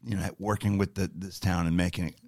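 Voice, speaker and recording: A man's voice: sits low, fast, no echo, studio quality. A man hosting a casual interview, chatty and friendly as he asks questions. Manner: chatty, friendly, lively intonation. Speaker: interview host. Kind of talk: casual conversation.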